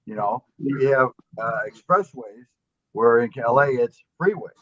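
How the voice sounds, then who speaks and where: A man's voice: mid-range voice, expressive, a little slow, fairly bright tone, no room sound, dull audio. A man from Chicago in a casual chat, explaining things plainly.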